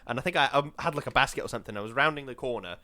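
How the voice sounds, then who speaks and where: A young British man co-hosting a podcast in casual chat, chatty and quick to laugh. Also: medium pitch, dry recording. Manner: chatty, laughs easily, lively voices in anecdotes. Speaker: podcast co-host.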